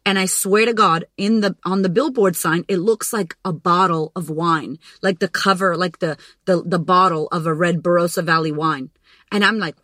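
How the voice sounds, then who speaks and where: Blunt, profane woman podcaster, low voice. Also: moderate pace, a bit bright, dry recording, low-quality recording. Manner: blunt, profane and emphatic, acting out inner voices. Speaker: podcast host. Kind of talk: casual monologue.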